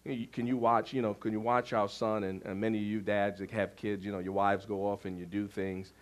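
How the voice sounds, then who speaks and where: A man, a pastor, preaching a sermon, telling a story and repeating key phrases, with sudden loud bursts when quoting. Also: fairly low pitch, little pitch movement, fairly quick.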